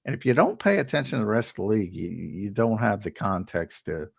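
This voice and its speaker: An American man giving sports analysis as co-host, emphatic and animated, restarting his sentences as he makes a point. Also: fairly low pitch, fairly quick, creaky, slightly rough. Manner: animated, emphatic, gives advice with repeated restarts.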